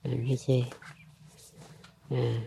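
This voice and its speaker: A woman telling a traditional story aloud in a halting, unhurried way, with frequent pauses, fillers and nonstandard grammar. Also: rumbling low, level tone, creaky, warm tone, a little hiss or hum, rough recording.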